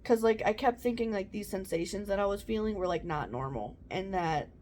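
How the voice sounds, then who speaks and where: A woman's voice: medium pitch, fairly quick, darkish tone, a little hiss or hum. A young woman casually telling a personal story to camera, chatty with lots of "um" and "like". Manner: chatty, many "um" and "like" fillers. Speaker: mom vlogger.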